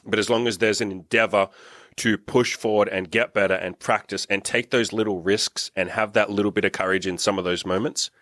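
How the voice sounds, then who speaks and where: A man's voice: on the low side, steady tone, a little fast, fairly bright tone, no room sound, clean studio sound. A man hosting a casual roundtable as a dating and business coach, blunt, joking and profane.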